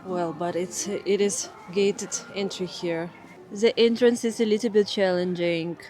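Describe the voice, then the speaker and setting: A woman's voice: medium pitch, fairly even intonation, measured pace, a little mellow. A young Russian woman vlogging outdoors in winter with a Russian accent, chatting casually, exclaiming in wonder and hunting for English words. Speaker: travel vlogger. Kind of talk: casual travel vlog narration. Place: outdoors in a snowy city, in winter. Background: background music.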